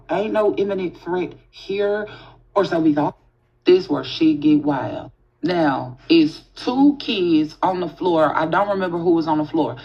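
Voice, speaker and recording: A woman telling a spooky childhood story in a casual, animated way, swearing freely and talking straight to her listeners. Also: sits low. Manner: animated, profane, talks straight to the audience. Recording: dull lo-fi audio.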